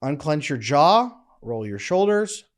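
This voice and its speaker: A middle-aged man teaching relationship skills to camera, emphatic, acting out breathing and relaxed posture as he explains. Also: on the high side, slow pace. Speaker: relationship coach.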